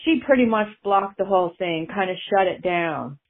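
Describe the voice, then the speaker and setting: A woman's voice: mid-range voice, animated, moderate pace. A woman guest telling stories in a casual chat and laughing often as she talks. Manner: chatty, laughs through her stories. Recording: tinny phone line.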